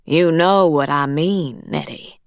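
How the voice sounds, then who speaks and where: A woman's voice: low voice, takes it slowly, dry recording, studio quality. A woman voicing a cool, firm wealthy employer.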